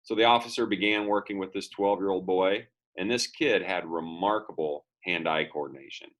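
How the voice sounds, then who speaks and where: A man's voice: low voice, normal speed, a bit bright, rough recording. A man giving an upbeat motivational lesson to students, telling a story and acting out its dialogue. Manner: upbeat, acts out quoted dialogue. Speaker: school motivational speaker.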